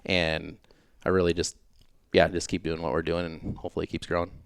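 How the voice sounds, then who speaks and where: A middle-aged off-road racer and team owner chats casually as a podcast guest. His voice is low and smooth with a level tone and a fairly quick pace. He's laid-back, laughs easily, and trails off with fillers.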